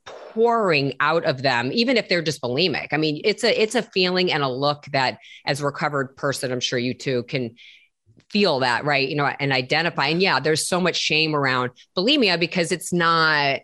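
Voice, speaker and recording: Blunt, low-voiced woman speaking candidly. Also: expressive, normal speed, a bit bright. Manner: blunt, emphatic, swears casually. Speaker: guest. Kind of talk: candid conversation.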